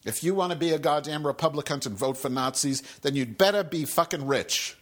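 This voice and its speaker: A man with a husky, somewhat breathy voice delivers a profane solo podcast rant. He sounds angry and sarcastic, and keeps drifting into side remarks. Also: on the high side, fairly quick, fairly bright tone. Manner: rambling with frequent asides. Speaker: podcast host.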